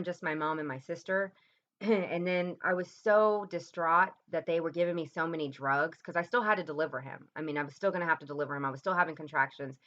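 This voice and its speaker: A woman in her thirties tells a deeply personal story straight to camera in a home vlog. Her voice sits on the low side and she speaks haltingly, with frequent ums and restarts, going quiet and soft when the memories get hard. The audio is dull and lo-fi, like a home video. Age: 30s. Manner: voice drops low and soft at painful moments. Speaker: vlogger.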